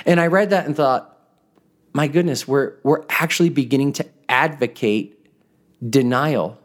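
A man's voice: mid-range voice, measured pace. A man hosting a reflective podcast, speaking earnestly and often stumbling on the first word of a phrase. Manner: earnest, stammers on starts of phrases. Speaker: podcast host. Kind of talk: reflective spoken podcast talk.

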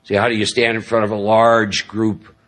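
A man's voice: on the low side, level tone, moderate pace, a bit bright. A middle-aged man giving a talk at a recovery meeting, telling stories in a rambling, self-deprecating way with many fillers. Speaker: recovery speaker. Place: large meeting hall.

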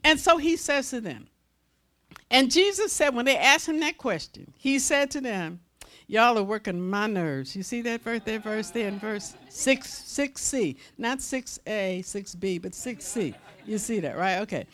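Lady minister preaching, folksy and animated, bright ringing voice. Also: fairly high pitch, a little slow. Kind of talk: sermon.

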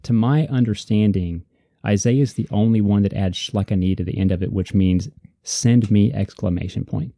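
A man's voice: on the low side, fairly even intonation, fairly quick, warm tone, no echo, studio quality. A man co-hosting a casual faith discussion, earnest and reflective, repeating points for emphasis. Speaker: podcast co-host.

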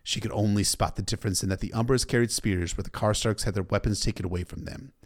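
Dude casually recapping a story, kinda low voice, swears a lot. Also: male voice, steady tone, fast talker. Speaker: book recap narrator.

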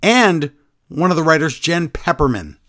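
A man co-hosting a podcast in easy, casual chat, his voice sitting fairly high and swinging widely in pitch. He rattles off news in quick, animated bursts. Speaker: podcast co-host.

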